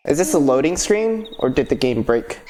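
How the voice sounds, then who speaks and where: A man's voice: on the high side, warm tone. A man streaming a game, chatting playfully, singing along and reading lines aloud over game music. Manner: playful, sings along and drops into voices. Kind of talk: casual gameplay commentary, reading dialogue aloud.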